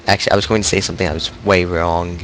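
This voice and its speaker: A man's voice: low voice, level tone, rapid-fire, noisy background. A man with a cold, rambling and thinking aloud in casual commentary while he plays a video game, poking fun at himself as he goes. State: congested with a cold. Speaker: game streamer. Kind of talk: casual let's-play commentary.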